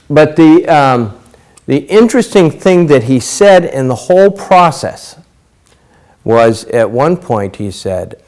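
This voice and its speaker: A man's voice: mid-range voice, darkish tone. Middle-aged male Zen teacher, easygoing storyteller, filler-heavy. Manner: casual storytelling, many fillers. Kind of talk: dharma talk.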